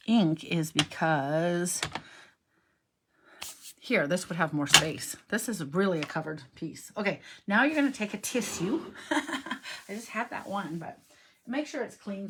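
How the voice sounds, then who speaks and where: A woman's voice: on the low side, lively intonation, normal speed, noisy background. A middle-aged woman giving a casual cardmaking lesson at her craft table, chatty and thinking aloud as she works, often correcting herself. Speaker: cardmaking instructor.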